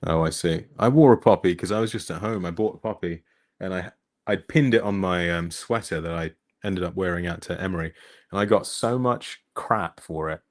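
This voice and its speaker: Deep-voiced easygoing man. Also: brisk. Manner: easygoing, agreeable, explanatory. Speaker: podcast co-host. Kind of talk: casual conversation.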